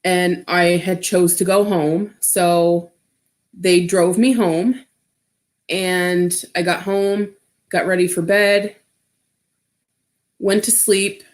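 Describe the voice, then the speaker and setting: Slow-talking woman rambling through a story. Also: fairly low pitch, little pitch movement. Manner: rambling, full of "like" fillers. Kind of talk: casual personal storytelling.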